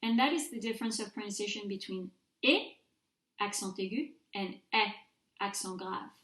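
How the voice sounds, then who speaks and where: A woman's voice: medium pitch, fairly quick, roomy sound. A woman teaching a recorded French grammar mini-lecture, patiently modelling pronunciation for her students to repeat.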